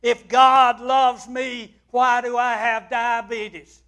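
Bitter, gruff male patient, angry and accusing, voiced by a preacher in a sermon, high and unhurried. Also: flat delivery, darkish tone. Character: bitter gruff man in a hospital bed.

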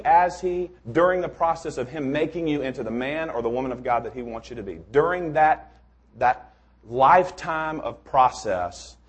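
A man's voice: medium pitch, husky. A man preaching a sermon in a casual, rambling way, with joking asides and many restarts.

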